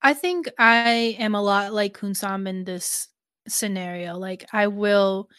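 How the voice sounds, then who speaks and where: Woman, chatty, laughs often, lots of fillers, mid pitch, dry room. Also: takes it slowly, fairly bright tone, clear, resonant tone, no room sound. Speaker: podcast co-host. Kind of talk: casual recap chat.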